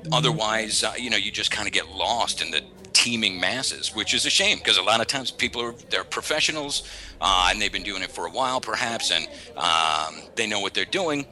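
Low, bright-voiced man, frank and chatty. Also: animated. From New York area. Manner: frank, chatty, acts out callers in quick asides. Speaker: voice talent agent. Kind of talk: candid casual interview talk.

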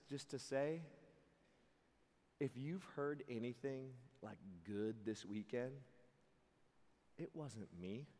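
A young man speaking as a camp preacher, telling stories with lively quoted voices and frequent laughter. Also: medium pitch. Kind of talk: youth camp sermon. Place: large hall before a live audience. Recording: hall reverb.

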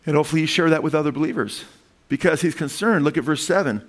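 A male pastor preaching a sermon in a voice pitched somewhat high for a man. He reads scripture aloud, prompts the congregation with call-and-response questions, and breaks into animated asides. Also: fast. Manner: call-and-response, asking the congregation "amen?" and "what?".

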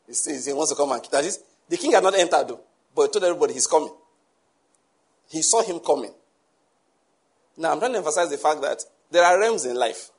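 Husky man preaching a sermon. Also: a little high, animated, brisk, pauses often. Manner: emphatic, rhetorical questions to the congregation.

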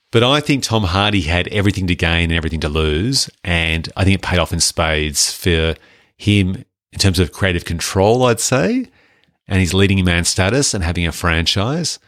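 A man's voice: deep voice, moderate pace, dry recording, studio quality. A man co-hosting a podcast, chatting casually and jokily about films. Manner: chatty, animated, jokey. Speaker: podcast co-host. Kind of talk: casual film review chat.

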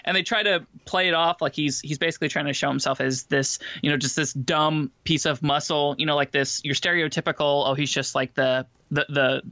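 A man chatting casually about a film, talking in quick runs with many fillers and restarts. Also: a little high, steady tone, pushed and bright, no echo, muffled recording.

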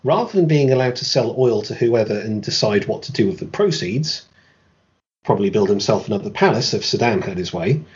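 A man delivers scripted history narration in a lively, swooping voice, peppering it with dry, sarcastic remarks. The recording sounds muffled and lo-fi. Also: fairly low pitch, brisk. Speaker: podcast host.

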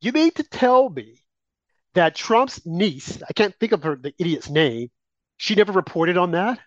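A male co-host with a high, sing-song, slightly slow voice delivers indignant political commentary packed with rhetorical questions and mocking asides. The recording is dry, dull, and lo-fi.

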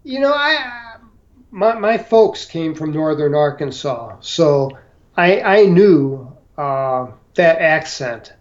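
Older male guest, slow halting storyteller, slightly high voice, dull lo-fi sound. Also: expressive. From St. Louis, Missouri. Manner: halting, many fillers and restarts. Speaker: interview guest. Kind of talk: storytelling interview.

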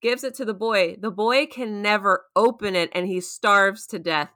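A woman's voice: mid-range voice, moderate pace, few pauses. A woman co-hosting a casual chat, recapping an episode and acting out the characters' lines with shifts in her voice. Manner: animated storytelling, acting out quotes with voice shifts. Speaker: podcast co-host recapping a TV episode.

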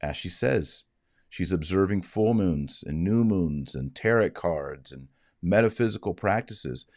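A man's voice: deep voice, expressive, measured pace, darkish tone, no room sound, clean studio sound. A man giving earnest, moralizing commentary on a livestream, reading out viewer comments as he talks. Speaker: Catholic commentator.

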